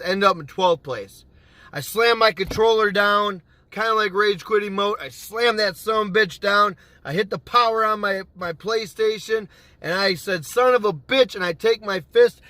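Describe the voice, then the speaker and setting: A man with a high, bright voice spins a casual story to his viewers, animated and swearing freely as he acts out his own past lines. The sound is close and dry, with no room around it. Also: dry recording. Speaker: gaming YouTuber.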